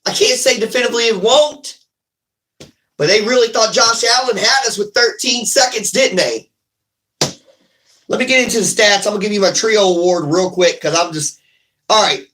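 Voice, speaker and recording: A man giving an excited fan recap of a football game, animated and ranting, repeating himself. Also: high-pitched, normal speed, pauses often, low-quality recording. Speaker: sports fan vlogger.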